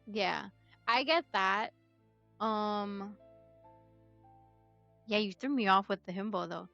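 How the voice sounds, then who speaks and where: A woman's voice: mid-range voice, slow, gravelly, bright, forceful tone, muffled recording, faint music behind. A woman co-hosting a book club podcast, giggly and casual, chatting in loose slang. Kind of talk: casual chat.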